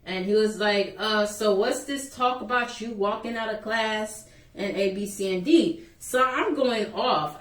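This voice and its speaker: A woman's voice: mid-range voice, moderate pace, a bit bright. A young woman vlogger animatedly retelling a school story in a casual, exasperated way. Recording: echoey room, voice a bit far from mic.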